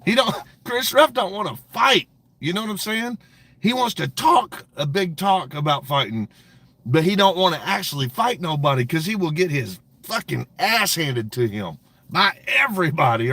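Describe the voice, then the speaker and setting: A man with a somewhat high voice hosts a casual livestream rant, speaking straight to his chat. He is brash, profane and mocking, and he laughs often as he talks. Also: fairly bright tone, no echo. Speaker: livestream host.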